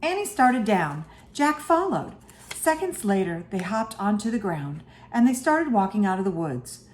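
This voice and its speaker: A woman teacher reading a children's chapter book aloud to her students in an expressive way. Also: mid-range voice, unhurried, slight background noise. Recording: echoey room.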